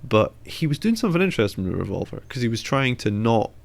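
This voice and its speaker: A man's voice: mid-range voice, sing-song, fast, gravelly. A young man on a podcast, casual chat, blunt, opinionated and sardonic. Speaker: podcast co-host.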